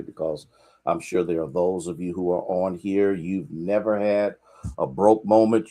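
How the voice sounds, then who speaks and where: A man's voice: low-pitched, a little mellow, breathy edge. A man with an American accent, a pastor giving a casual, conversational midweek sermon on a livestream, greeting online viewers by name.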